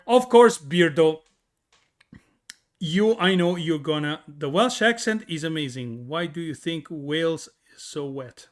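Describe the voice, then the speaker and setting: A man with an Italian accent calling wrestling play by play, bursting into shouts on big moves and joking with his co-hosts. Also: high voice. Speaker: wrestling commentator. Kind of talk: excited play-by-play commentary.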